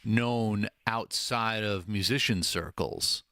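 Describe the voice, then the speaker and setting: A man's voice: on the low side, slow pace, sharp tone, dry recording, studio quality. A man hosting a podcast who reacts easily and thinks back on his own past. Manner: reactive, reflective, easygoing. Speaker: podcast host. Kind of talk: casual interview chat.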